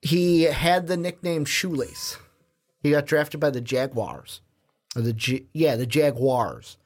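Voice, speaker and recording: A man's voice: a little high, animated, slow. A young man co-hosting a sports podcast in casual chat, quizzing his partner with rambling asides. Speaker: podcast co-host.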